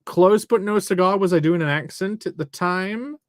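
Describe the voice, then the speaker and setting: Reading viewer messages aloud, a livestreaming man rambles, cracks jokes, and swears without restraint. He has a high voice at normal speed, recorded in studio quality with no echo.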